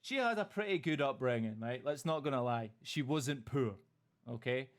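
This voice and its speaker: A man's voice: medium pitch, expressive, normal speed. A Scottish man hosting a casual group chat, joking, swearing and slipping into theatrical speeches. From Scotland. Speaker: podcast host.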